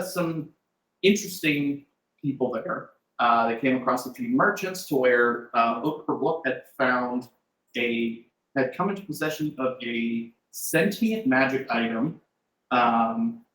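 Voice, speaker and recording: Rambling game master in a roomy room. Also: male voice, medium pitch, a bit bright. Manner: rambling, loose delivery with frequent hesitations and chuckles. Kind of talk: casual recap of a tabletop game session. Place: shared room with players at a live-streamed table. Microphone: desk mic with in-ear monitor.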